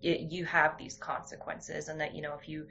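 Low-voiced woman telling candid stories. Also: completely flat delivery, normal speed, gravelly, bright, forceful tone, slight background noise. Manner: candid, storytelling, many restarts. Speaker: guest. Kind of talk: casual conversation. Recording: dull lo-fi sound.

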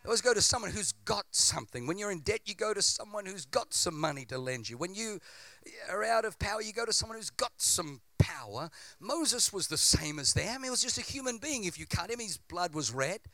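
A man's voice: sits high, very animated, a little fast, pushed and bright, dry recording. A man preaching a sermon with impassioned, repetitive build-ups.

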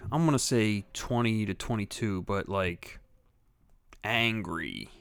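A man's voice: on the low side, slow, gravelly, fairly bright tone, clean tone, dry recording. A man in casual chat, telling stories with heavy swearing and acting out other people's lines. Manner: profane storytelling, acts out other people's lines.

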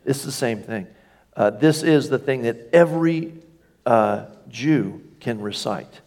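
A man's voice: mid-range voice, takes it slowly, darkish tone. Man, pastor, sermon, emphatic, church, checks in with listeners. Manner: emphatic, rises on key phrases, asks the congregation for agreement.

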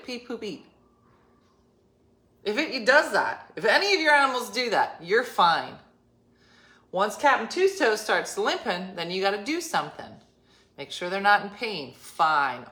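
Woman livestream host, casual chat, blunt and animated, bright, unhurried. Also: lowish voice. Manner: chatty, blunt, animated storytelling. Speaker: livestream host chatting with viewers. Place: parked car in a parking lot.

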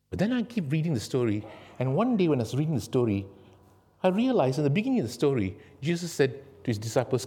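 A man preaching a sermon and telling stories dramatically, swinging from loud to hushed. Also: a little high, very animated, fast, breathy edge. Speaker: guest preacher.

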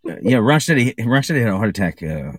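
A man's voice: fairly low pitch, very animated, quick pace, slightly rough. A man telling stories in a casual chat, laughing often and slipping into voices for the people he quotes. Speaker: podcast guest. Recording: faint background noise.

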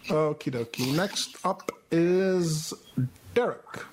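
A woman's voice: deep voice, slow, darkish tone, a little hiss or hum. A woman hosting a casual online panel chat, tallying votes and saying "okie dokie" often. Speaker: panel show host.

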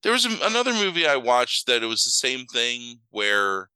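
Bright, chatty man recapping a movie. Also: mid-range voice, very animated, clean tone, dry recording, rough recording. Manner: rambling, acts out scenes in quick mock voices; swears freely, lots of fillers. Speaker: podcast host. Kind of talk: casual movie recap chat.

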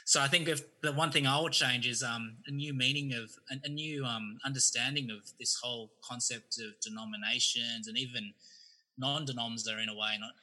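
An Australian man, a podcast guest, talking in a relaxed, friendly way with casual slang. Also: medium pitch, brisk, rough recording. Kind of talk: casual chat.

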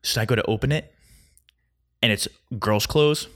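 A young man with a slightly low voice hosts his own podcast, ranting casually. He talks fast and rambles, his stories tumbling out with an anxious, nervous energy. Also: a bit bright. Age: young adult. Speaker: solo podcast host. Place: Chicago.

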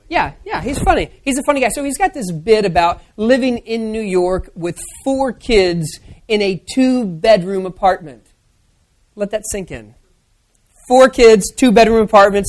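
A young woman preaching a sermon, retelling scripture as animated storytelling and acting out the quotes. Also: medium pitch.

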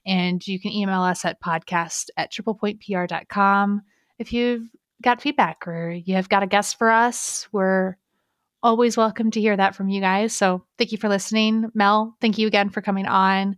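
A woman's voice: medium pitch, steady tone, normal speed, dry recording. A woman co-hosting a podcast in casual chat, chatty and giggly with lots of fillers. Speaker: podcast co-host.

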